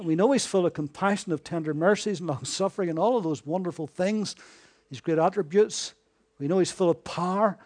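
A man preaching a sermon, asking his listeners rhetorical questions and swinging between hushed and emphatic delivery. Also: high-pitched.

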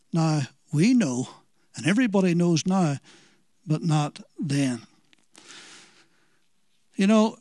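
A man's voice: sits high, darkish tone, no room sound, studio quality. A man with a Northern Irish accent preaching a sermon, telling it as an earnest story and asking the listeners questions.

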